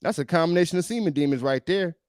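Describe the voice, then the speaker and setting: A man's voice: fairly high pitch, expressive, fast talker, darkish tone, clean tone, dry recording, studio quality. A male podcast host giving emphatic, preachy reaction commentary on a video, often repeating himself.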